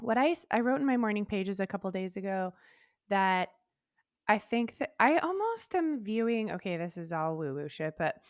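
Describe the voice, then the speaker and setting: A woman's voice: medium pitch, sing-song, moderate pace, no echo, clean studio sound. A woman co-hosting a podcast, talking frankly and animatedly in a candid chat, swearing freely. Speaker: podcast co-host. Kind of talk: candid casual conversation.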